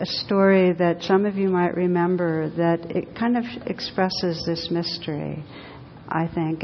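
A woman teaching in a soft, slow and reflective way, giving a spiritual talk and reading a story aloud. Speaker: meditation teacher. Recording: dull echoey hall recording with faint rumble.

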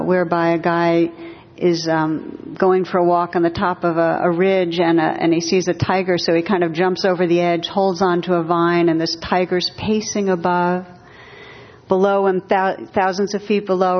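A woman meditation teacher giving a dharma talk in a gentle, measured, reflective way. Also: on the low side, little pitch movement. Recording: dull recording in a reverberant hall.

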